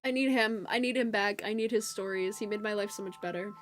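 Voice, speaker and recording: A young woman streamer chatting casually with her viewers and telling a story. She is animated and laughs often, jumping from loud bursts to mumbled asides. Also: medium pitch, a little fast. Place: home streaming setup. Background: faint background music.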